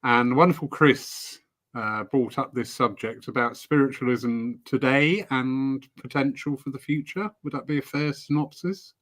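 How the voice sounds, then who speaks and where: A man's voice: medium pitch, unhurried, a bit bright. A man hosting a casual live-stream chat, a spiritualist service leader who talks in a rambling way with playful asides. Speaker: host.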